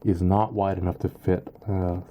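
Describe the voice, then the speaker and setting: A man giving a casual product review, halting and full of ums and uhs. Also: low-pitched, little pitch movement, dark tone, slight background noise. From Canada. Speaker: knife reviewer.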